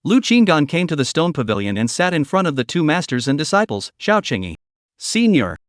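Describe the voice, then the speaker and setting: A man narrates a comic recap in a steady, even reading voice. His voice sits a little high for a man, recorded dry and close to the mic with no room sound. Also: a little fast, dry recording.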